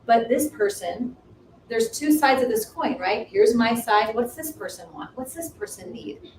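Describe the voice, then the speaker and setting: Co-hosting a ministry livestream, a woman shares a personal faith story earnestly, restarting often. Her slightly high voice is animated yet measured in pace, captured in roomy, distant audio with a little noise.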